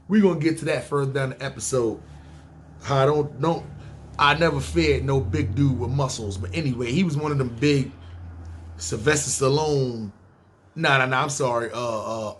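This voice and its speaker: A man from Harlem, telling his life story in a rambling, slangy, profane way, addressing listeners directly. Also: mid-range voice. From Harlem, New York. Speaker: podcast storyteller. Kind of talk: casual storytelling podcast.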